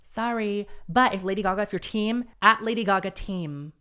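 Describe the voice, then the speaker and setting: Young male podcast host, smooth clear voice, rambling and self-deprecating. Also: high voice, normal speed, sharp tone. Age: young adult. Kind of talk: casual solo podcast chat.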